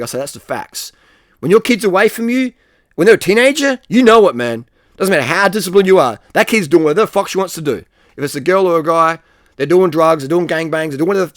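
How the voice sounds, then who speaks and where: A middle-aged man rants in a blunt, cursing, rambling monologue. His voice sits fairly high for a man, and his sentences fade into low, soft tails. The recording is dry and close. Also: dry recording. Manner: blunt, profane, emphatic, trailing off on "man". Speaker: vlogger giving advice.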